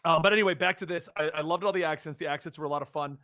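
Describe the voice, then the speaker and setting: A young man co-hosting a casual chat show, animated and quick to laugh. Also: fairly high pitch, dry recording, studio quality. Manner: fast, animated, laughs often. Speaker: podcast co-host.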